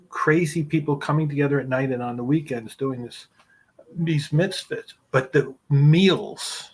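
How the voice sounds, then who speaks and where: Podcast guest: male storyteller, husky, swears freely, rambles through anecdotes. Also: mid-range voice. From New York. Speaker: guest, screenwriter. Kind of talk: casual storytelling.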